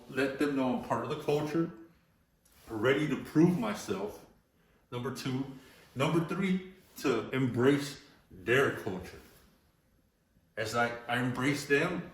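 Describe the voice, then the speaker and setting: Recorded on a distant mic in an echoey room, this LA graffiti artist spins profane, slang-heavy stories during a casual interview. He speaks in a mid-range voice and leans on "bro" and "you know" again and again.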